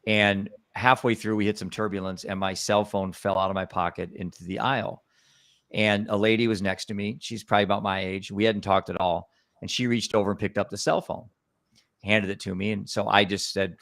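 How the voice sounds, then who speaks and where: An earnest man tells a story with a low, gravelly voice. He is recorded close on a dry mic. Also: level tone, a little fast, fairly bright tone, dry recording. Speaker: guest. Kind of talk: storytelling in a conversation.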